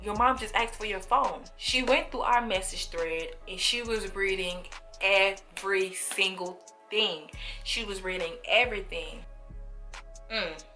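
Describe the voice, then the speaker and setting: A young woman telling a story to her viewers in a casual, animated way, acting out the voices of people in it, with speech. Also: medium pitch, measured pace, soft background music. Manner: animated, acts out quoted voices, talks straight to viewers. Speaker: storytime vlogger.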